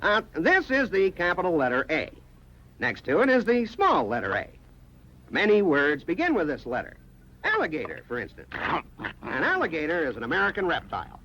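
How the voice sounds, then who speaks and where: A man voicing a children's TV puppet, explaining a letter and an animal in a deliberate, instructive way, from a noisy clip played back. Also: high voice, wildly swooping pitch, bright, forceful tone, exaggerated voice. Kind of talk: children's educational TV segment.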